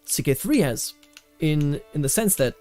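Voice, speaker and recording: A man's voice: on the high side, expressive, unhurried, dark tone, faint music behind. Rambling man commenting on gameplay. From Bavaria, Germany. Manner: rambling, reacts aloud to the game, frequent fillers and restarts. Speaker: strategy game streamer.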